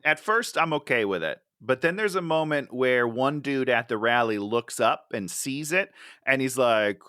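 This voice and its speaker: A woman's voice: extremely low pitch, expressive, moderate pace, fairly bright tone, no room sound, clean studio sound. A woman co-hosting a podcast, reacting emphatically in casual movie review chat. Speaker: podcast co-host.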